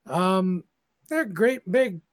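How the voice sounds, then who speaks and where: A man's voice: sits high, lively intonation, drawn-out words, no echo. A man narrating a tabletop game as game master, rambling and conversational.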